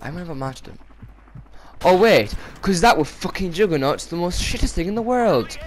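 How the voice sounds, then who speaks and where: A man's voice: high-pitched, expressive, brisk, slight background noise. A young man ranting casually over gameplay, swearing and exasperated with sudden outbursts. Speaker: gaming commentator. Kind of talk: casual gameplay commentary rant.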